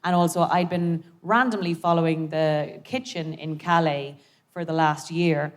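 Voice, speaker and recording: A lower-voiced woman telling stories on a theatre stage, chatty and animated with a jokey edge. She talks to a live audience as a comedian guest. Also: unhurried. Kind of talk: lively onstage storytelling.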